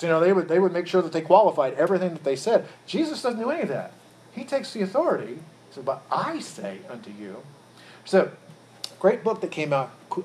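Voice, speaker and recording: A man's voice: fairly high pitch, slight background noise. A man leading an interactive Bible study, quizzing his group and often repeating words as he rephrases.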